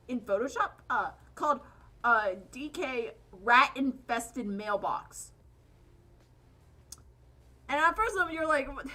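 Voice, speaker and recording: Female streamer, bright voice; loose, chatty, profane live-stream banter while drawing. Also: fairly high pitch. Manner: rambling, chatty, swears freely.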